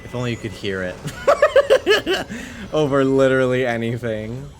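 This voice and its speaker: A man streaming a game from his room at home, chatting casually, swearing freely and often breaking into loud laughter. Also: medium pitch, fast. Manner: profane, laughs loudly, rambling asides. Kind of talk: casual gaming stream chat.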